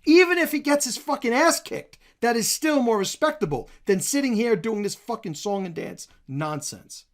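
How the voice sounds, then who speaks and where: A man hosting a reaction video, talking bluntly with plenty of swearing and animated emphasis. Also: very high voice, normal speed. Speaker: commentary channel host.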